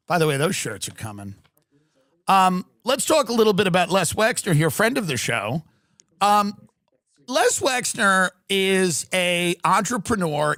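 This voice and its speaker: Animated, sarcastic male livestream host. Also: high-pitched, dry recording, studio quality. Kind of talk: comedic livestream rant.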